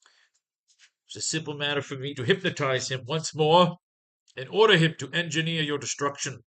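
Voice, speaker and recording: A man's voice: a little high, normal speed, a bit bright, close to an everyday voice. A man voicing a hateful, grandiose male villain in a goblin costume, with theatrical, gloating menace.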